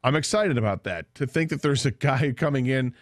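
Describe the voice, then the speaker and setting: Give me a man co-hosting sports radio, dry close sound, animated storytelling. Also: medium pitch, a little fast, dry recording. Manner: animated storyteller, laughs while telling. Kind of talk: casual sports radio chat.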